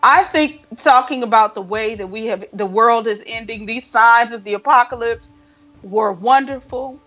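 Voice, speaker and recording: A woman hosting a casual podcast chat, animated and playful as she tells stories. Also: on the high side, moderate pace, lo-fi sound, faint music behind. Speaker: podcast host.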